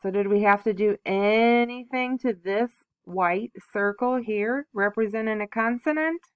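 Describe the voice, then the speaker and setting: Woman teacher, slow and patient, sounding out words for kids, dry close sound. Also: medium pitch, dry recording. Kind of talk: phonics lesson for young children.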